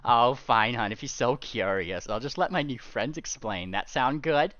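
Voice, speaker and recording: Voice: mid-range voice, lively intonation, normal speed, a bit bright, dry recording, muffled recording, close to an everyday voice. A game master doing a smug, syrupy dragon wife. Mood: smug teasing. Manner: syrupy, teasing, calls everyone hon. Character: smug, sweet-talking female ancient dragon wife.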